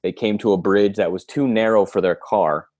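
A man's voice: lowish voice, normal speed, darkish tone, dry recording. A man co-hosting a podcast, riffing in casual comedic chat and breaking into voices. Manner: rambling, riffing, mimics voices. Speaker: podcast co-host.

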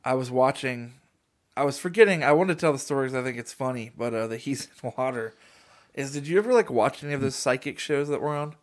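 A young man chats casually on a podcast, spinning a long anecdote. He laughs often and slips into quick impressions of the people in his story. His voice sits at an ordinary middle pitch.

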